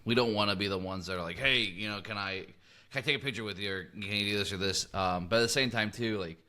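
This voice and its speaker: A man with a lowish, bright, forward voice talks fast on a casual sports podcast. He trades quick teasing jabs with his co-host and tells stories in a loose, offhand way.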